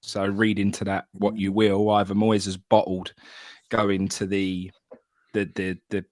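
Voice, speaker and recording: A man co-hosting a football fan chat, measured and careful, then cutting in his remarks. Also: low voice, monotone, no room sound.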